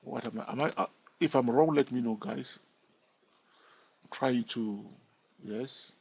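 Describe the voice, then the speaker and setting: A man's voice: mid-range voice, unhurried, creaky, darkish tone, slightly rough, dull audio. A man giving a screen-recorded chart tutorial in a chatty way, thinking aloud and asking his viewers questions. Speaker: trading educator.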